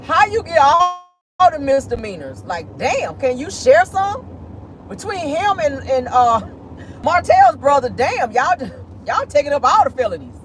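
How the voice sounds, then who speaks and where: A woman giving sassy, animated celebrity gossip commentary while driving in her car. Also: sits high, measured pace, a little hiss or hum, low-quality recording. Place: in a car, driving near an airport.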